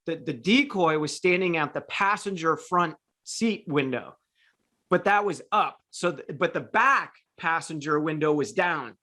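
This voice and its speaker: A man's voice: fairly high pitch, expressive, a little slow, sharp tone. A man hosting a casual talk show, telling long stories with frequent restarts and fillers. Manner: rambling with many restarts and fillers. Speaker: podcast host and dog trainer. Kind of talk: casual storytelling chat.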